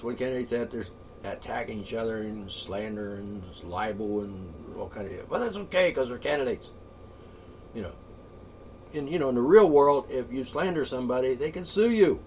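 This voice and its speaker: A man ranting off the cuff, profane and rambling, with frequent asides and throat-clearing. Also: mid-range voice. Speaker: political ranter. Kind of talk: off-the-cuff solo rant. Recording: voice a bit far from the mic, faint ambient noise.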